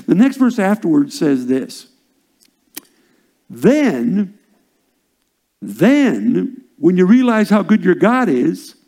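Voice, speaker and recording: An older man preaching a sermon as a pastor, swinging from loud, stressed phrases down to hushed whispers. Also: high-pitched.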